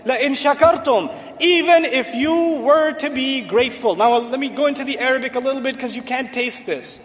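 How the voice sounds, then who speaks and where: A man's voice: very high-pitched, quick pace, long reverb tail. A man giving a sermon that explains Quranic Arabic to a seated audience. He speaks emphatically and repeats phrases for stress. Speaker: Islamic preacher.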